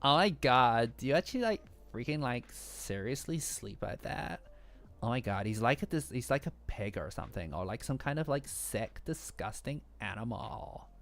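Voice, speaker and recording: A man's voice: medium pitch, animated, normal speed, natural voice. A man voicing a sneering male self-doubt demon that taunts and mocks a sleeping person. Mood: disgusted. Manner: taunting, mocking. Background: faint lofi music.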